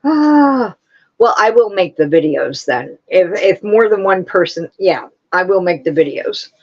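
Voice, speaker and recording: A woman's voice: lowish voice, expressive, unhurried, a little mellow, muffled recording. A woman hosting a casual home livestream, chatting to viewers and breaking off to scold her dogs. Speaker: crochet livestream host. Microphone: camera on a tripod.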